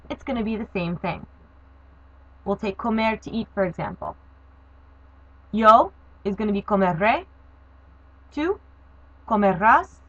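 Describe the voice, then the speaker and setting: Methodically covering verb forms, a Spanish teacher spells out each ending letter by letter. Her voice is a little high and slightly bright, captured without echo in a dull, dry, lo-fi recording.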